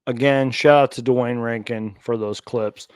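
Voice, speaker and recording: A man's voice: medium pitch, fairly even intonation, unhurried, smooth, no room sound. A man hosting a sports channel, ranting live and reacting to clips with exasperated sighs. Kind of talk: late-night live rant reacting to clips.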